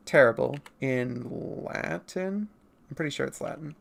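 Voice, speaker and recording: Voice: mid-range voice, lively intonation, a little slow, gravelly, a bit bright. An artist chatting casually with viewers on a livestream while drawing, playful and rambling, laughing often and swearing now and then. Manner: rambling, self-correcting asides. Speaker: artist streamer answering chat.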